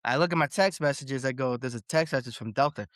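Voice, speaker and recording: A man hosting a casual sports podcast, telling stories in an animated way, swearing freely and repeating words. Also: medium pitch, fast, no room sound, clean studio sound. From Boston area. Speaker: podcast host.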